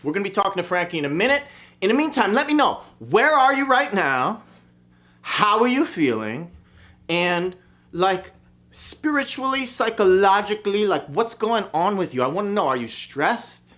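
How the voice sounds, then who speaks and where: A man hosting a livestream show from Philadelphia, brash, excitable and profane as he calls out to viewers. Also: high-pitched, moderate pace. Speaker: host and bandleader.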